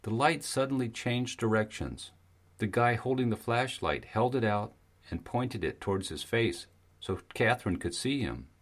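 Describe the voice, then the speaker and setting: A man narrating an audiobook in a steady, even storytelling manner. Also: mid-range voice, normal speed. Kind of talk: scripted narration.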